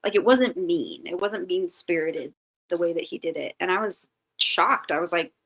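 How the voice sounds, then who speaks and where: Woman guest on a chat show, slightly low voice, chatty and candid, heavy on "like" fillers. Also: moderate pace, creaky, a bit bright, rough recording. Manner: chatty, full of "like" fillers and restarts; candid and reflective. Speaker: podcast guest. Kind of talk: casual storytelling in an interview.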